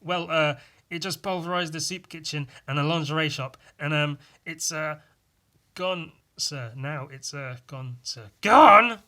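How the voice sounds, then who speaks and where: A man voicing a nervous aide in his comic, stammering with many pauses. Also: fairly high pitch, steady tone, bright, forceful tone. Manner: hesitant, stammering.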